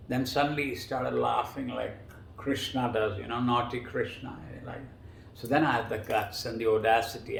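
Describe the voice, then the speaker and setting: A man from India telling a personal story, animated and quoting himself as he goes. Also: mid-range voice, vocal fry, slight background noise. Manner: animated, quotes his inner voice. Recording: echoey room.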